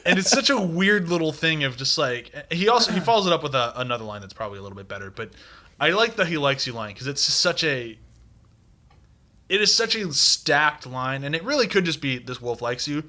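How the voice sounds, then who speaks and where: A man's voice: fairly high pitch, big pitch swings, brisk, sharp tone. A man co-hosting a podcast about films, chatting casually and enthusiastically, rambling and swearing now and then. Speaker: podcast co-host. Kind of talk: casual movie podcast chat.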